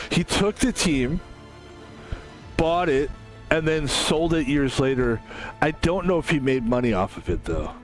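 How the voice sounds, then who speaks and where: A man talking through a casual solo stream with a slightly high voice. He rambles from topic to topic, swears freely and tosses in jokey asides. Faint music plays underneath. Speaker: game streamer.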